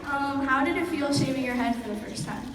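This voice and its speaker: A woman's voice: sits high, fairly quick. A woman fan asking a question at a convention panel, nervous and hesitant with many ums. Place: large convention hall. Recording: echoey hall from far off, noisy.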